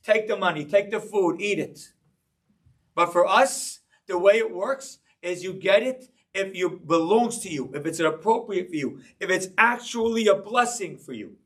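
A man giving a sermon-style Torah class, telling stories with animated delivery and acting out voices in them. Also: sits high, normal speed, far from the mic. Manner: animated storyteller, acting out a child's voice. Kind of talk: sermon with storytelling.

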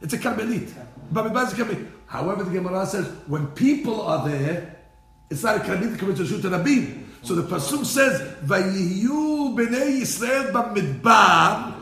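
A man teaching a Torah class in an animated way, mixing Hebrew terms into English and repeating his phrases. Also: high-pitched, fast talker, creaky, echoey room.

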